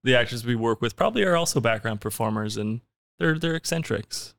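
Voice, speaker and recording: A man's voice: medium pitch, expressive, a little fast, gravelly, a bit bright. A man co-hosting a podcast, chiming in with short joking remarks. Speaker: podcast co-host. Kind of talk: casual chat.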